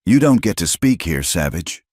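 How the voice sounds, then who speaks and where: A man's voice: low-pitched, very animated, moderate pace, a little mellow, no room sound, clean studio sound, heavily acted. A man voicing a hostile frontier townsman who snarls contemptuously at the people he confronts. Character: hostile frontier townsman leading an armed mob.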